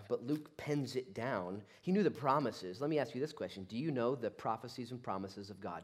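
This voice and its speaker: A man preaching a sermon, swinging between loud outbursts and quiet asides and acting out quoted voices. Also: mid-range voice. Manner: acts out quoted voices of God and listeners. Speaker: pastor.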